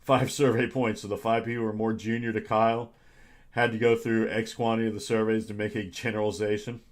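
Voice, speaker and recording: A man rambles sarcastically on a livestream, chuckling as he goes. His delivery is loose and conversational, the tone of a host thinking out loud to his viewers. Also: lowish voice, level tone, quick pace. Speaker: streamer. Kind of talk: casual livestream chat.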